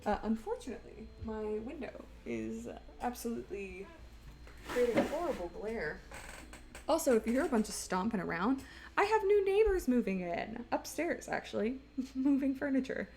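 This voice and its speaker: A young woman streaming while she draws, chatting in a rambling, emotional way, laughing often and swinging from loud exclaims to quiet asides. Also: fairly high pitch, big pitch swings, moderate pace, slight background noise. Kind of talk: casual stream chat while drawing.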